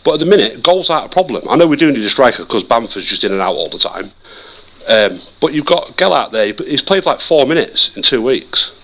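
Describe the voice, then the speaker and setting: Bright-voiced man, animated. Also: mid-range voice, fairly quick. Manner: animated, repeats words and restarts often. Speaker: podcast co-host, Leeds fan. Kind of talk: casual football chat.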